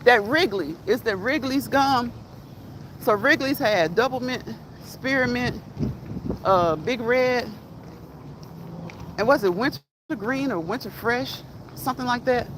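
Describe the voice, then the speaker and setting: A woman's voice: on the high side, slow, long pauses. Chatty woman walking outdoors. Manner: rambling, chatty, talks straight to viewers. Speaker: vlogger reading live chat. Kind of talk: casual walk-and-talk livestream. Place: outdoors on a street with passing traffic. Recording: clear street noise and traffic.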